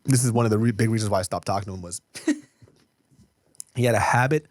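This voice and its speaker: A man co-hosting a podcast, laughing and swearing as he tells animated stories in casual chat. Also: on the low side, a little fast, dry recording. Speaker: podcast co-host.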